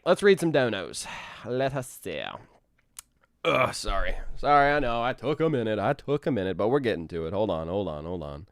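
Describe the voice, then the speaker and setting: A man's voice: fairly low pitch, no room sound. Young man, casual live stream chat, rambling, dry close mic. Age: 20s. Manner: rambling, restarts, laughs easily. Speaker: animator streamer.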